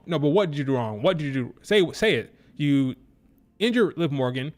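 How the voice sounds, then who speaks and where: Male stream host, fairly high voice, animated and opinionated, hammers each point home by repeating it. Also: moderate pace. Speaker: wrestling show reviewer. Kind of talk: live-stream commentary.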